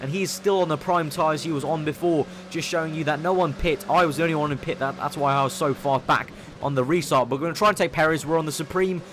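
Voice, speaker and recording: A young man giving eager play-by-play commentary over his own racing game, getting excitable when he overtakes. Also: a little high, quick pace, slight background noise. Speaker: gaming commentator.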